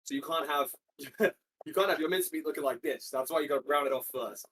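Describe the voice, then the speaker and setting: A young man with a fairly high, slightly bright, husky voice talks fast while cooking in his home kitchen for a live stream. He rambles in slang, swears, trails off mid-sentence, and sometimes steps away from the mic.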